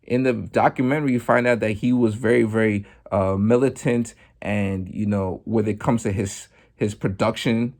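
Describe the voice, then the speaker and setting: A man hosting a podcast, talking through music news in a relaxed, chatty monologue full of "like" and "you know". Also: lowish voice, moderate pace, few pauses. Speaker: podcast host. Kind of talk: casual commentary monologue.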